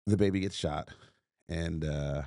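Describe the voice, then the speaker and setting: A man's voice: low-pitched, unhurried, warm tone, dry recording, studio quality. A man telling a story on a podcast in an emphatic, punchy way, repeating phrases and restarting.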